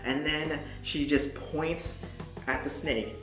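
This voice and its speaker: A young adult woman vlogger telling a story in an animated, casual way, swearing and talking straight to the viewer. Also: low-pitched, takes it slowly, over music. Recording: echoey room.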